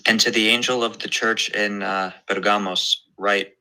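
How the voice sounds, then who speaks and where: Casting: male host, very deep monotone, hesitant, stumbling, many fillers. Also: moderate pace, a little hiss or hum, poor audio. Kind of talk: casual interview chat.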